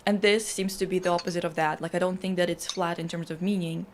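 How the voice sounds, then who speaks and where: A woman's voice: on the low side, steady tone, quick pace, slight background noise. Woman musing casually about art. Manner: thoughtful, many fillers and hedges; laughs easily, enthusiastic asides. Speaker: co-host.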